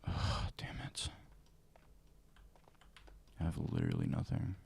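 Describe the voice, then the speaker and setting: A man streaming a survival game as ASMR, whispering and speaking softly into a close mic, now and then flaring up in frustration, with keyboard and mouse clicks behind him. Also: rumbling low, sing-song, takes it slowly, gravelly. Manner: mostly whispered and soft, flaring into loud frustration. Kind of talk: ASMR gameplay livestream commentary.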